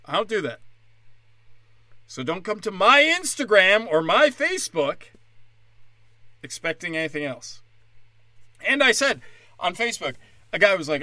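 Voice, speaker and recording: A man's voice: high voice, very animated, measured pace, pauses often, bright, forceful tone, no room sound. Angry profane comedian ranting on his podcast.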